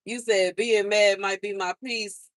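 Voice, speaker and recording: A woman's voice: mid-range voice, steady tone, unhurried, no room sound. A young woman hosting a livestream, venting in a frustrated, repetitive and emphatic way. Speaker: livestream host.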